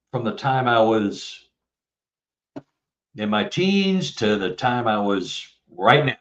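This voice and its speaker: Rambling older man from Texas. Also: medium pitch. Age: 70s. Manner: rambling, animated storyteller with frequent restarts. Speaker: guest author. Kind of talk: casual interview storytelling. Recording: distant, muffled, roomy mic.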